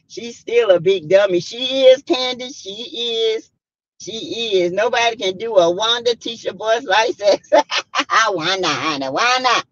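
A woman's voice: a little high, slow, dry recording, muffled recording. A woman with a Southern American accent hosting a casual live stream, reading out viewer comments, laughing often and talking with plenty of sass. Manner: sassy, laughs often, greets viewers by name. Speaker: YouTube live stream host.

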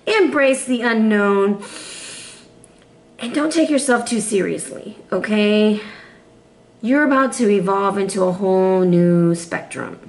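A woman giving a casual, playful tarot reading to camera, chatty and quick to laugh. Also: mid-range voice, lively intonation, roomy sound, a little hiss or hum. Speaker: tarot reader.

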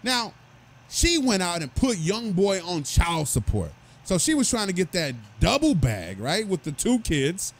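A man's voice: high-pitched, very animated, a little slow. A man hosting a gossip commentary video, telling the story with mocking asides to viewers. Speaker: commentary host.

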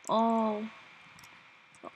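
A woman's voice: a little high, little pitch movement, extremely slow, a little mellow. A woman casually commenting on a video game as she plays, rambling and wondering aloud, often slipping into whispers. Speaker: gameplay commentator. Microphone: desktop mic. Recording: noisy home recording.

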